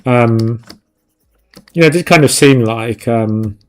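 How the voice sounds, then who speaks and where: A man's voice: mid-range voice, slow pace, a little mellow, a little hiss or hum. A man chatting casually and swearing while he paints on a live stream, rambling and self-mocking. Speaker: digital art streamer.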